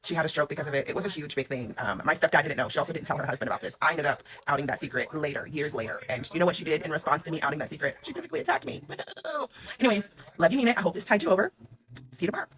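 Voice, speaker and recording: A woman telling a personal storytime to camera, rapid, emphatic and blunt. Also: deep voice, animated, a bit bright.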